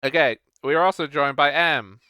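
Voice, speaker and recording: A man's voice: on the high side, normal speed, pushed and bright, clear, resonant tone, no room sound. A man hosting a tabletop game online, introducing the players with playful banter. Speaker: game master. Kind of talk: casual chat introducing players.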